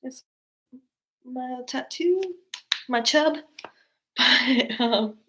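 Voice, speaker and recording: A woman's voice: sits high, very slow, pushed and bright. A young woman hosting a casual live stream, chatting in a rambling way full of "like" and "um" and reacting to viewer comments. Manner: rambling, heavy use of "like" and "um".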